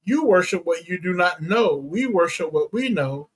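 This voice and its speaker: A pastor giving a teaching sermon, reading and explaining Bible verses in a deliberate way and unpacking Greek words. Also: male voice, sits high, lively intonation, husky, poor audio. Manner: slow, deliberate Bible exposition with Greek terms.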